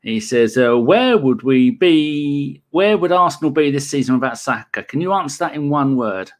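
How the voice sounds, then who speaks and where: A man's voice: mid-range voice, expressive, normal speed. Sardonic man reading questions. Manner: sweary, sardonic, joking. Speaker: podcast host reading viewer questions. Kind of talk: casual football chat.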